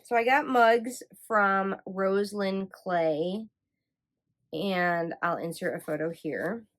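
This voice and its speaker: Slow-talking chatty woman vlogger. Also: medium pitch, a bit bright. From Michigan, USA. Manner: chatty and enthusiastic, many ums and likes. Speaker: yarn dyer and podcast host. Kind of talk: casual show-and-tell chat.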